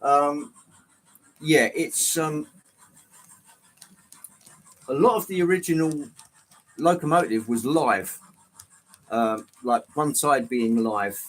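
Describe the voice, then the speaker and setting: Speaking slowly at a medium pitch with long pauses and a fairly bright tone, this middle-aged livestream host runs his model trains in an indoor hobby room with a layout and explains them to viewers. His casual live chat is chatty and exclamatory, and he reads the chat aloud, though the audio is poor.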